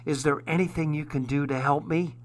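A man's voice: on the high side, a little fast, lightly acted. A man voicing an eager, pleading little boy in a read-aloud storybook. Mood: hurt. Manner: excited, pleading. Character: eager little boy who loves skirts.

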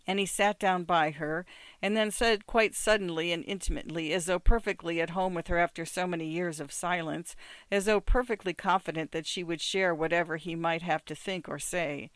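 An audiobook narrator reading literary fiction in a measured, even way. The voice sits at a middle pitch and is recorded close and dry, with no room around it. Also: no echo.

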